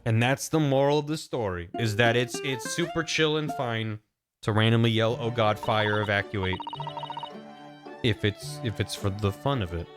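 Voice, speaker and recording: A man's voice: mid-range voice, normal speed. A man streaming a story game, making playful, joking asides between dialogue lines. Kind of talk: casual game-stream commentary. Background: game music.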